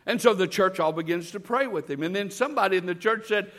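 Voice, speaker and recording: A man's voice: high-pitched, fast, few pauses. A man preaching a sermon, telling stories and calling out to the congregation for amens. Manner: animated storytelling preacher, calls out to the congregation. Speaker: guest preacher.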